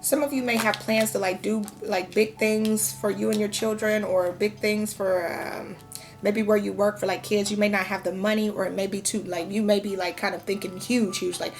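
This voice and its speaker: A woman's voice: medium pitch, steady tone, normal speed, soft background music. A woman in her thirties giving a casual tarot reading, talking frankly and chatting with lots of fillers. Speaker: tarot reader.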